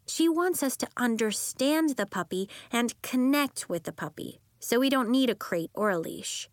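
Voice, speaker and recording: A woman puts on a young shapeshifting girl for a storybook reading, high-pitched and bouncing with expression. She sounds bright, eager and insistent, and the recording is close and dry. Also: expressive, normal speed, dry recording, natural voice. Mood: coaxing. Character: eager young girl who shifts into animals.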